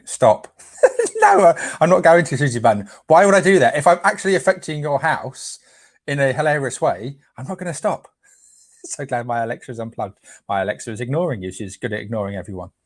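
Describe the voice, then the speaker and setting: A man's voice: mid-range voice, no room sound. A man hosts a casual live stream, chatting playfully and tripping over names as he reads them out.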